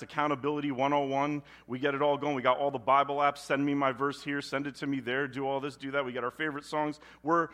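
Conversational male preacher, loud to hushed. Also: fairly high pitch. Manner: conversational, swinging between loud emphasis and hushed intensity. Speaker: pastor. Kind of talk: sermon.

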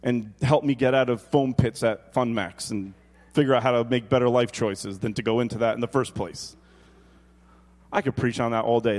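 Animated pastor preaching in a reverberant hall. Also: male voice, mid-range voice. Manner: animated, joking, swings between quiet emphasis and loud exclaims. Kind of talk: sermon. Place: church hall.

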